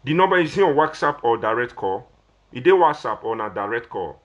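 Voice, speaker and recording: A man's voice: mid-range voice, very animated, brisk, dull audio. A young man with a Nigerian Pidgin English accent, talking casually on a live video and pleading with listeners in a rambling, repetitive way. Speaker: social media personality.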